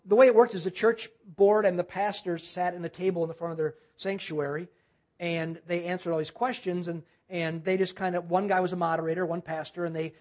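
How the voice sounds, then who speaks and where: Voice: medium pitch, darkish tone. Earnest preacher telling a church story. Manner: earnest, halting with frequent restarts. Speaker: guest minister. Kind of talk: sermon storytelling.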